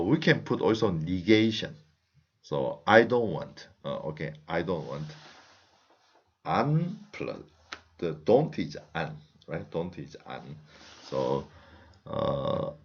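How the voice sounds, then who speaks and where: A man with a Korean accent, a native Korean speaker teaching a language lesson in English, patiently repeating example phrases with frequent "uh" fillers. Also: low voice. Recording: slightly muffled lo-fi audio.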